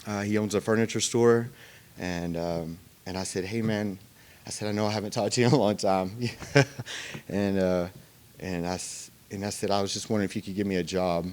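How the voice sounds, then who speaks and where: In a meeting room, a man recounts his recovery story in a relaxed, conversational style full of fillers and pauses. His voice sits on the low side, steady, a little mellow, and clear with a resonant tone.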